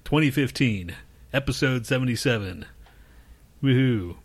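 A man's voice: mid-range voice, lively intonation, a little slow, breathy edge. A man co-hosting a podcast, rambling through crude casual banter, swearing freely and laughing often. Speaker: podcast co-host.

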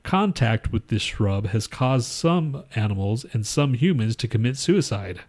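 A man's voice: medium pitch, lively intonation, a little slow, darkish tone. A man co-hosting a podcast who rambles through crude jokes, swears a lot, and reads trivia facts aloud in casual banter. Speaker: podcast co-host.

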